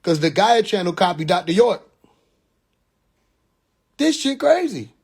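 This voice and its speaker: 一位声音偏高的年轻男子，带美国南方亚特兰大口音，对着手机直播，语气说教又带嘲讽，不停抛出反问。. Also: male voice, high-pitched, sing-song, unhurried, gravelly, slightly rough. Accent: Southern US (Atlanta). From Atlanta, USA. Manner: preachy and mocking, fires rhetorical questions, profane slang. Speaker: livestream host. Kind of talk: rambling live-stream monologue. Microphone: phone.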